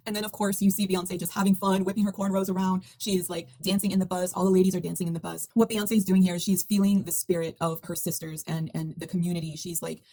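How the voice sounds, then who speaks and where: A woman in her thirties talks through a music video in a casual, emphatic commentary. Her voice sits low and sounds mellow and warm. She speaks quickly, with fillers and restarts as her thoughts run on. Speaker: video essay host.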